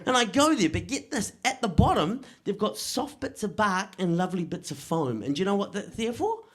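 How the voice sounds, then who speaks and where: A middle-aged man performing a stand-up comedy set, delivering deadpan punchlines and checking in with the crowd. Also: sits high, fairly quick.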